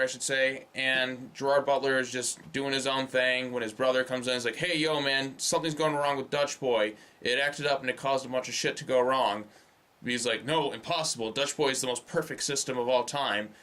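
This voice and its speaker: A man's voice: medium pitch, pushed and bright. A young man giving a casual movie review, loose and profane, with sarcastic rants. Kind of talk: casual spoken film review.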